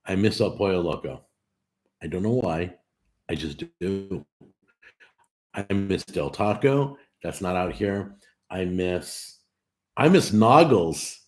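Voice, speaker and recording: Male live-stream host with a low, deep voice, casual and chatty with viewers, animated and full of restarts. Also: slow, pauses often. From California. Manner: talkative and animated, with frequent restarts. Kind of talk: casual live stream chat, reading and answering viewer comments.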